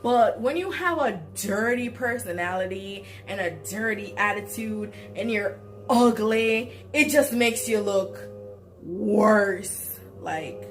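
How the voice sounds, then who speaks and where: Young woman doing a storytime vlog, slow and blunt, swears a lot, gets loud and fed up. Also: mid-range voice. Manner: blunt and profane, jumps to loud exasperated outbursts. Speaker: vlogger. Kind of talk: casual storytime rant.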